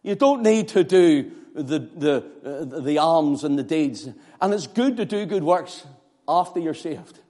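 Northern Irish male preacher, high-pitched and fervent, long hall reverb. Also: animated, a little slow, a little mellow. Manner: impassioned, rising to emphatic declarations. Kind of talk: sermon.

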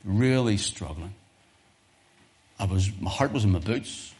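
A man preaching a sermon, moving from easy, conversational asides to loud, impassioned peaks and repeating phrases for emphasis. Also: on the low side, animated, a little fast. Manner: impassioned, swelling to loud fervent peaks then dropping to quiet asides.

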